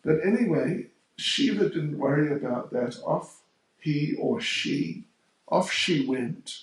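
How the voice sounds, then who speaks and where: A man, a monk, telling a sacred story in a relaxed devotional talk, chatty and full of asides. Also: on the high side. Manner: unhurried, chatty, aside-filled. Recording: echoey hall, mic far off.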